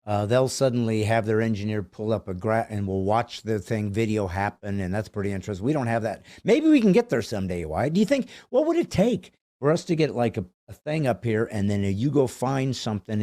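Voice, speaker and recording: A man's voice: lowish voice, sing-song, fairly quick, few pauses, warm tone, no echo. A man hosting a podcast in a studio, chatting casually with rambling, wry, self-mocking riffs. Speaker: podcast host. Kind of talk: casual chat.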